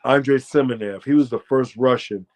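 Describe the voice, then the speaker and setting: An American man, a former fighter, telling a profane, boastful story as a guest and breaking into loud shouted quotes. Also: mid-range voice, moderate pace. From United States. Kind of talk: animated storytelling.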